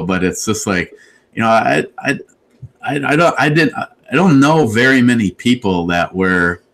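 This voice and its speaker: A man's voice: on the low side, a bit bright, low-quality recording. A man casually telling a rambling story on a live video chat, with lots of restarts and quotes he acts out. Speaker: live show host.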